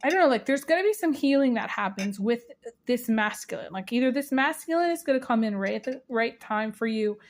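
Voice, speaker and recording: A woman's voice: a little high, animated, fairly quick. A woman giving a casual spiritual tea reading, rambling with many fillers and breaking into giggles. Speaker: tea leaf reader.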